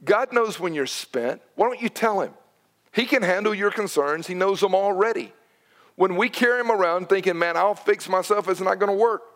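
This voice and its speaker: A man preaching a sermon to his congregation, animated and shifting between loud emphasis and hushed tones. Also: sits high, moderate pace. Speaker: pastor. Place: church sanctuary.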